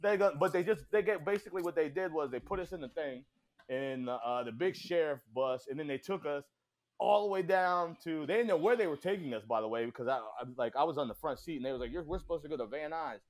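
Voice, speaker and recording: A man, a comedian guesting on a podcast, telling a profane, animated story in casual chat. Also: fairly high pitch, fast.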